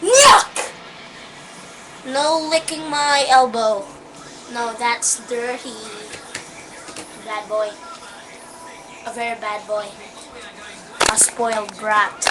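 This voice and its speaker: Woman dog owner for a home vlog, high voice, unhurried, scolds and yelps, heard from a distance in an echoey room. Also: fairly even intonation. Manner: chatty, scolds the puppy and yelps out loud. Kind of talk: casual home video. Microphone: webcam. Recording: echoey, distant, noisy webcam audio.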